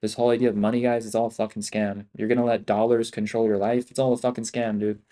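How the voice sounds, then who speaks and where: A man's voice: lowish voice, flat delivery, fast talker, dark tone. A man hosting a livestream as an options trader, talking in a hyped, profane, slangy way and repeating himself a lot. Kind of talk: casual livestream talk.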